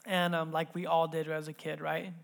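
A man in his thirties preaching a sermon in a church, telling a family story with lively swings between loud bursts and hushed moments. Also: fairly high pitch, moderate pace, vocal fry. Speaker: pastor. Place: church sanctuary.

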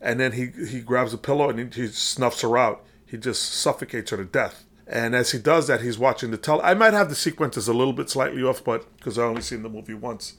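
A man's voice: medium pitch, fairly quick, hardly any pauses, a bit bright. A man casually recapping a film, rambling on with frequent restarts and fillers.

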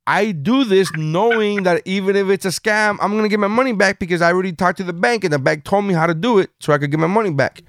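A man's voice: high voice, quick pace, few pauses, no room sound. A man telling a long story in casual chat, swearing constantly and voicing the people in it. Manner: profane animated storytelling.

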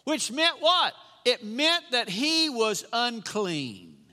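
A man's voice: extremely high pitch, big pitch swings, takes it slowly, sharp tone. A man preaching a sermon as a pastor, emphatic, repeating his lines and asking the congregation questions. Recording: long reverb of a hall.

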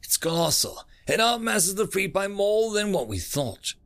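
A man voicing an anxious male starship sensor technician who gives hurried, urgent reports, in a spoken audiobook. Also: high-pitched, sing-song, fairly bright tone, pitched above the performer's own voice, exaggerated voice.

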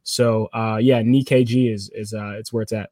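A man's voice: fairly low pitch, little pitch movement, moderate pace, darkish tone, dry recording. Rambling man in a dry room. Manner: rambling, self-correcting, playful aside. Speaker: podcast co-host. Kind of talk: casual sports tech chat.

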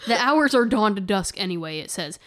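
A woman's voice: mid-range voice, lively intonation, fairly quick, fairly bright tone. A woman with an American accent, co-hosting a podcast and reading ghost lore aloud, laughing and stumbling often. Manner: giggly, reads aloud with frequent laughs and stumbles. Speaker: podcast co-host.

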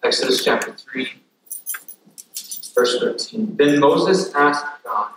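A male pastor delivers an energetic sermon, leading his listeners to repeat after him and slipping in joking asides. His voice is bright and slightly high. The mic sits far off in a big, echoing church hall. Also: measured pace, pauses often, slight background noise.

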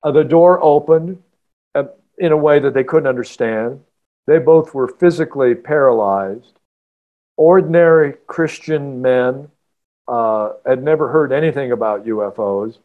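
A man, an author guest on a podcast, telling a story in a halting, earnest way with many restarts. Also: medium pitch, narrow, tinny audio. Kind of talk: casual podcast interview storytelling.

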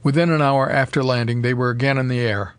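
A man reads a pulp adventure story in a steady, measured way. His voice sits at an ordinary middle pitch and sounds close and dry, with no room around it. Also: clean tone, no echo. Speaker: audiobook narrator. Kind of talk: scripted narration.

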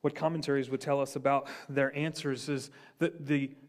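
A man, a pastor, preaching a sermon in an earnest way, rising for emphasis and then dropping low. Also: flat delivery, normal speed.

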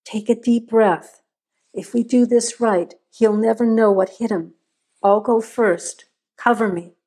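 A woman's voice: fairly high pitch, measured pace, mellow. A woman voicing a hard-bitten male sheriff who gives clipped, growled orders. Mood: hushed.

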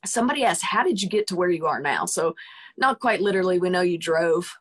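A woman's voice: lowish voice, expressive, quick pace, fairly bright tone, breathy edge. A woman hosting a podcast, chatting enthusiastically and reading out listener questions. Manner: enthusiastic, playful, affirming. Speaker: podcast host. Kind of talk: casual podcast conversation.

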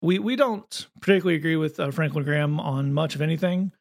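A man with a Southern accent co-hosting a podcast, talking quickly and wryly in casual comedic chat. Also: on the high side, gravelly. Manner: quick, wry, with frequent restarts. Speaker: podcast co-host.

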